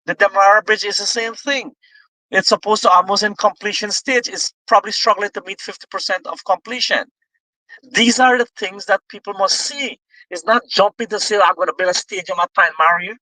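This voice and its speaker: A man's voice: high-pitched, sharp tone, dry recording, low-quality recording. A Guyanese man talking politics with passion, often restarting his sentences. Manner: impassioned, repetitive restarts. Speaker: political guest. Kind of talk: political discussion.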